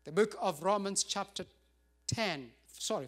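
A man's voice: high voice, lively intonation, measured pace, fairly bright tone. A middle-aged man pastor preaching a sermon, emphatic and repetitive, with rising bursts.

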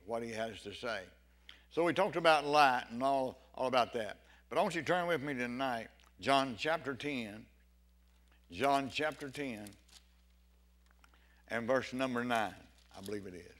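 A man's voice: medium pitch, unhurried. A man preaching an evening sermon with fervor, repeating phrases and calling out amen and hallelujah. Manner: fervent, builds to loud exclamations.

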